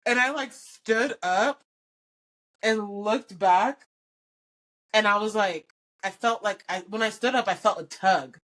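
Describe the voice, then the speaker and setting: A woman's voice: medium pitch, a little slow. A young woman hosting a podcast, telling a personal story in casual chat, full of "like" and acted-out quoted dialogue. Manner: candid, animated quoted dialogue, frequent "like". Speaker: podcast host.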